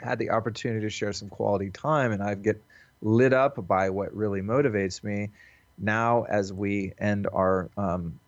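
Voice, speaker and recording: Earnest male podcast guest with a low voice, reflective and casual; dry, lo-fi call recording. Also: steady tone, normal speed, no echo. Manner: earnest, reflective, loose with swearing. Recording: dull, lo-fi call audio.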